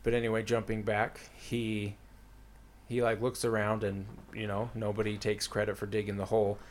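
With slight background noise, a young man recounts a book's plot in a fairly low, completely flat voice at normal speed. It's an informal, rambling chat stuffed with fillers, "like" above all, and "uh."

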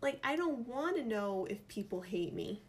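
A woman's voice: a little high, expressive, normal speed, a little hiss or hum. A woman with a New York accent, vlogging in casual chat, reading out quiz options and thinking aloud playfully. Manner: chatty, playful, reads options aloud and muses.

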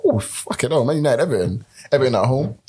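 Animated young man hosting. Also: mid-range voice, quick pace, slightly rough. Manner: animated, bossy, steers the talk, swears. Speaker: podcast host. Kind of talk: casual football chat.

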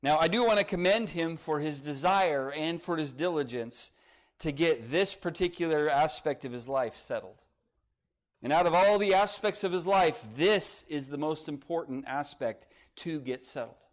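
An older man preaches a sermon in a slightly high voice with lively intonation and a moderate pace. He is earnest and builds to urgent emphasis, putting direct questions to the congregation and sprinkling in folksy asides and light humor.

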